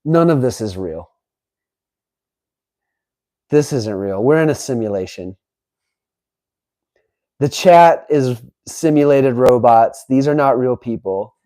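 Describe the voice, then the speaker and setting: A man hosting a live stream, chatting casually and reading aloud with incredulous, animated asides. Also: medium pitch, takes it slowly, long pauses, rough recording. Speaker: livestream host. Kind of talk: live-stream reaction chat.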